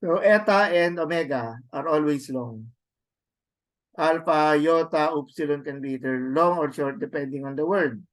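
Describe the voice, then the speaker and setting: A man teaching a class, slowly sounding out words and repeating them with tag questions. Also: a little high. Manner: slow, repetitive drilling with tag questions. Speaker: Greek teacher. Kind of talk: classroom lesson, reading words aloud.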